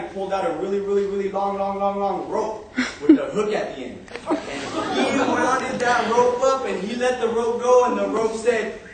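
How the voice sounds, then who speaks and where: A young man telling a comic story to a live audience, animated and often laughing. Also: high voice, a little hiss or hum. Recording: echoey room, far from mic, audience.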